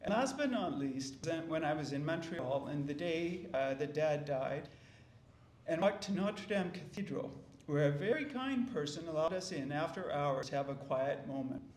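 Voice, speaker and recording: Gentle reflective man, echoey room. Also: on the high side, expressive, moderate pace. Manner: gentle, reflective, with small slips. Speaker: family member giving a eulogy. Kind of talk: memorial speech and poem reading.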